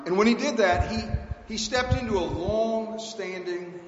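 A man preaches in an earnest, emphatic way, hammering home points with repetition. His voice sits a little high for a man. The recording is dull and lo-fi, with roomy echo and faint hiss behind him. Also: a little slow. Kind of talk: sermon. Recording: echoey hall, dull lo-fi sound, faint hiss.

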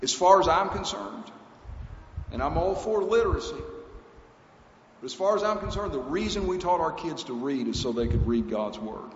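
A man's voice: fairly high pitch, expressive, moderate pace. A man preaching a sermon in an earnest, emphatic, conversational way, repeating key phrases for weight. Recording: echoey hall, dull lo-fi sound, faint hiss.

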